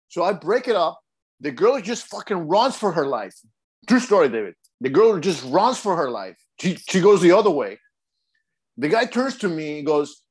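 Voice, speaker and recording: A young man with a fairly high voice rambles through a story on a casual podcast. He stumbles and restarts often and keeps dropping in "man.". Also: expressive, a little fast. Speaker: podcast co-host. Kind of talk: casual chat.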